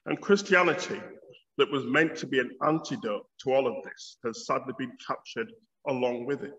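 A man's voice: medium pitch, moderate pace, a bit bright. A man in his fifties with a Yorkshire accent, giving a public lecture as a theology professor in a wry, storytelling way. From Bradford, Yorkshire, England. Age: 50s. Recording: dull audio with long hall reverb.

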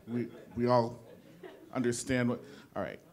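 A man's voice: medium pitch, fairly even intonation, unhurried. A young man doing a stand-up comedy set, rambling and self-deprecating, often stopping and restarting his sentences. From New Jersey. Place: small studio with a live audience.

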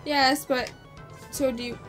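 A young woman with a fairly high voice, teasing her partner and giggling as he plays. Her chat is loose and playful, with faint game music behind. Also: steady tone, slow pace, fairly bright tone. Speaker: co-host. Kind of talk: casual gameplay banter.

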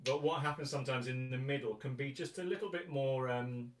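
A man's voice: mid-range voice, brisk. A man teaching a guitar masterclass in a chatty way, often counting and singing rhythms aloud. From England. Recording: roomy sound, mic at a distance.

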